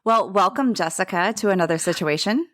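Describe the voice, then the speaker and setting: A woman's voice: mid-range voice, lively intonation, brisk, fairly bright tone, dry recording. A woman co-hosting a podcast, telling a history story in a chatty way and correcting her own slips and pronunciations. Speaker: podcast co-host.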